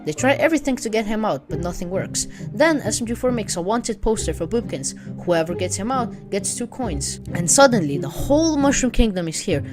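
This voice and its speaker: A woman talking through a long plot recap at a middling pitch, in a steady, matter-of-fact tone. Soft music sits faintly underneath her voice. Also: brisk, hardly any pauses. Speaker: narrator summarizing a web series. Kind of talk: read-aloud plot summary.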